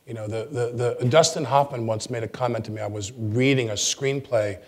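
This man, a guest actor, talks to an audience in a lecture forum at an ordinary middle pitch. He tells his stories with animation. His sentences often stall and restart. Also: brisk. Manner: animated storyteller with stammered restarts. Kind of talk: anecdotal chat with an audience.

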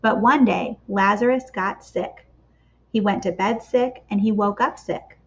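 A woman reads a picture book aloud for a church kids' club. Her storytelling is expressive and measured, with dramatic pauses, and her voice sits at a middle pitch. The recording is slightly dull and lo-fi. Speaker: children's ministry storyteller.

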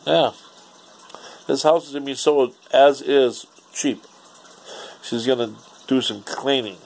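A man's voice: mid-range voice, slow, gravelly, pauses often, a little mellow. A man, ranting casually and profanely in a rambling home vlog. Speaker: vlogger.

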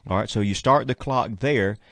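A man in his fifties with a Southern US accent, hosting a Christian radio talk show in a fervent, preachy and excitable manner. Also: medium pitch, normal speed, gravelly, no echo, studio quality. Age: 50s. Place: radio studio.

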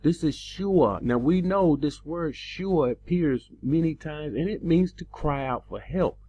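A man delivering a teaching sermon, slow and emphatic, his pitch rising on the words he stresses. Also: dark tone, highs cut off. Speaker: preacher.

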